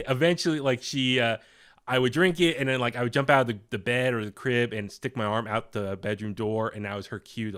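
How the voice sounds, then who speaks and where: A man's voice: medium pitch, fairly bright tone. A young man as a podcast guest, telling a long story in a rambling, casual way with many fillers and restarts, acting out the voices of the people in it. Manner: acts out quoted voices.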